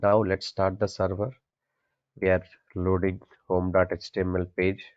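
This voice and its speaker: A man with a very low voice teaches a coding class in plain classroom speech. He asks his students questions, answers them himself and says each key point twice. The recording sounds dull and lo-fi. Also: completely flat delivery, moderate pace. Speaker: programming instructor.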